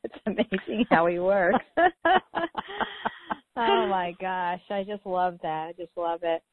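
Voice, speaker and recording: A woman's voice: fairly low pitch, steady tone, takes it slowly, no room sound. A woman hosting a call, effusive and giggly, full of fillers. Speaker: host. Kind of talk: casual chat on a conference call. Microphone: phone. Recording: tinny phone line, dry.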